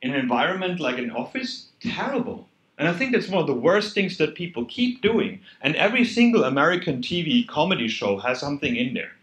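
A man's voice: a little high, brisk, echoey room. A man with a German accent, speaking earnestly and conversationally as a conference speaker. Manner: earnest, conversational, animated emphasis. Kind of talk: conference talk. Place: hall at a hackday event.

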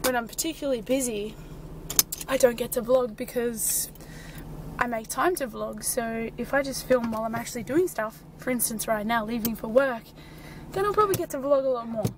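A woman's voice: fairly high pitch, moderate pace, noisy background. Chatty woman, breathless. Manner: rambling, chatty, self-deprecating. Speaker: vlogger. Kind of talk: casual vlog chat. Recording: music playing behind.

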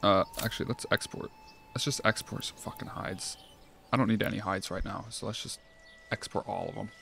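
Swearing excitable gamer guy. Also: lowish voice, fairly quick, vocal fry, slight background noise. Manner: profane, excitable, thinking aloud. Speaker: gameplay streamer. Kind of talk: casual let's-play commentary. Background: game music.

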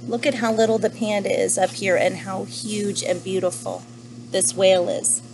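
A young adult woman teacher gently reading a picture book to children and asking them questions about the pages. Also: mid-range voice, fairly even intonation, normal speed, noisy background. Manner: gentle, asks the listener questions. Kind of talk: children's story read-aloud.

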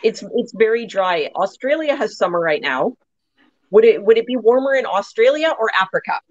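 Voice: medium pitch, lively intonation, normal speed, dull audio. A podcast co-host in casual chat, explaining things at length.

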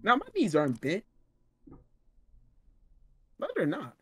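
Young guy, hesitant and stumbling, slightly high voice, headset mic. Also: huge pitch swings, slow, fairly bright tone, breathy edge. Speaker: guest being coached. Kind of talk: casual stream chat. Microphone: gaming headset.

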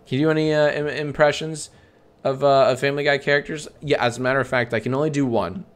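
A man's voice: medium pitch, quick pace. Male streamer with a mid-range voice doing a dry, sarcastic comedy bit with himself. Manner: deadpan sarcastic banter, frequent swearing.

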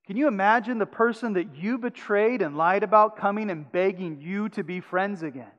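High-voiced pastor preaching in a reverberant hall. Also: male voice, normal speed, highs cut off. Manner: swings from loud urgent pleading to hushed intimate tones. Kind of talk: sermon. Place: church sanctuary.

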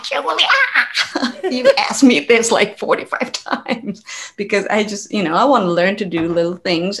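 A woman musician, a guest on a live interview, talking in an easygoing, rambling way with fillers and soft laughs. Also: on the low side. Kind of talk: casual interview chat.

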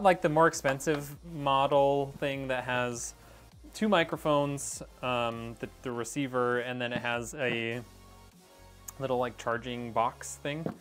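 A man's voice: mid-range voice, fairly bright tone. A man rambling casually to his viewers while building a PC, a little out of breath, talking on a wireless mic. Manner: rambling, chatty, talks to viewers as y'all. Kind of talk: casual live-stream chat. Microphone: wireless clip-on mic.

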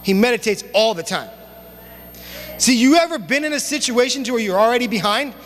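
A young man preaching a sermon as youth pastor, telling stories in a casual, animated way with relaxed slang. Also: very high voice, fairly quick. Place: church sanctuary. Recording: long church hall reverb, faint hum.

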